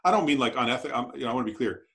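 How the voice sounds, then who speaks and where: A man's voice: medium pitch, expressive, very fast, a bit bright. A man teaching a Buddhist class at a meditation center in a conversational way, often checking in with "right?". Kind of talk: dharma class lecture.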